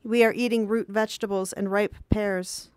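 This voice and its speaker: A woman in her thirties reading her own diary entries aloud in a calm, measured, reflective way. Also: mid-range voice, clear, resonant tone, dry recording, clean studio sound. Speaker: reader of her own journal.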